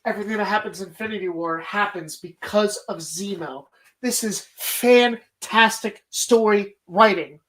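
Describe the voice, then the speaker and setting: Animated, swearing woman host. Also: medium pitch, unhurried, rough recording. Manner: animated, swears freely, rambling enthusiasm. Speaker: podcast host. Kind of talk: casual movie bracket commentary.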